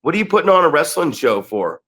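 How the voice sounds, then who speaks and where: A man co-hosting a wrestling podcast, telling stories in an animated, excitable way with lots of restarts. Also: fairly high pitch, quick pace, husky. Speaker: podcast co-host and wrestling promoter. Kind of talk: casual storytelling chat.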